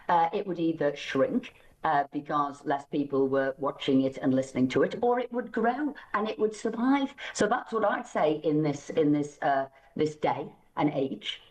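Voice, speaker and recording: A middle-aged woman speaks as a politician guest on a radio show, with a lowish voice. She argues firmly and emphatically, her pitch jumping up on key points. She sits some way off the microphone. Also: unhurried, far from the mic, low-quality recording. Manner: firm, emphatic, with lively rises. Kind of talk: studio interview.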